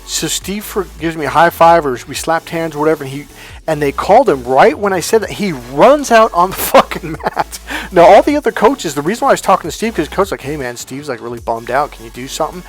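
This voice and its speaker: A man telling a personal story as a motivational coach, animated and swearing freely, acting out quoted dialogue loudly. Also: fairly high pitch, a little fast, faint music behind. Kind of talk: casual storytelling monologue.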